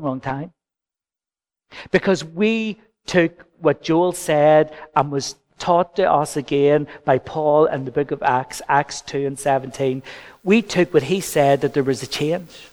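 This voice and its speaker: A man, a pastor preaching a sermon in church with gentle humour and personal stories. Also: fairly high pitch. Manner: anecdotal, gently humorous preaching.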